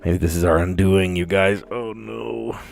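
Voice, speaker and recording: Excitable man thinking out loud. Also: sits low, a little slow, vocal fry, faint music behind. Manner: thinks aloud, excitable, self-mocking. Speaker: word puzzle streamer. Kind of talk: casual live-stream chat.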